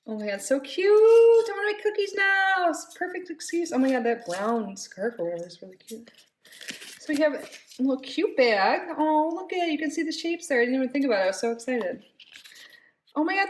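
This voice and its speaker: A young woman reviewing a subscription box in casual chat, gushing and giggly as she reads product labels aloud. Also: on the high side.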